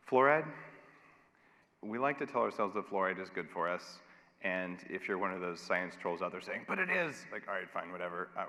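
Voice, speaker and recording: Man giving a keynote in a reverberant hall. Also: low voice. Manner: energetic, emphatic, wry. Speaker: keynote speaker. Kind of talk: conference keynote. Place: large conference hall.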